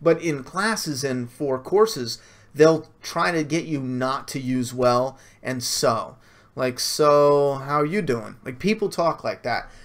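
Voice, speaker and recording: Man, casual Q&A talk, blunt, swears a lot, stops and restarts, mid-pitched voice. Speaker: comic creator answering viewer questions. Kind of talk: casual Q&A livestream.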